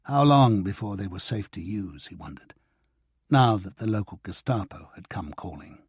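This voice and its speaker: A man reading a thriller audiobook as narrator, in a measured, even storytelling manner. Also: fairly low pitch, husky, no room sound, studio quality.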